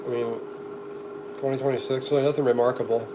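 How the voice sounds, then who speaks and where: A man's voice: medium pitch, steady tone, fast, warm tone. A middle-aged man chatting casually to the camera while he cooks, reading out comments with a dry, joking manner. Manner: dry, joking, talks to the camera while working, coughs often. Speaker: streamer cooking on camera. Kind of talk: casual live-stream chat reading comments. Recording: clear background noise behind the voice.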